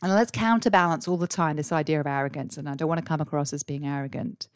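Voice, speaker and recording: A woman hosting a solo podcast in an earnest coaching manner, leaning on rhetorical questions. Her voice sits a little low. The sound is dry, with no room echo. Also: steady tone, quick pace. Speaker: podcast host and career coach. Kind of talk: solo podcast advice talk.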